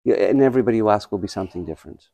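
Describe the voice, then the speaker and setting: A man in his fifties, a pianist and playwright, giving thoughtful, measured answers in an interview with many pauses. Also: lowish voice, creaky, dark tone, no room sound. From Canada. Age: 50s. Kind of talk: conversational interview.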